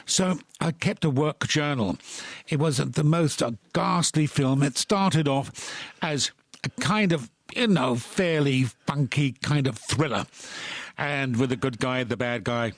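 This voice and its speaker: A man with a Cockney accent, a guest on a radio show, telling animated stories and acting out the voices of people he quotes. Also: mid-range voice, measured pace, no echo. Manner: animated storyteller who acts out quoted voices. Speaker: guest, actor and stage director. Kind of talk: anecdotal interview chat. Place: radio studio.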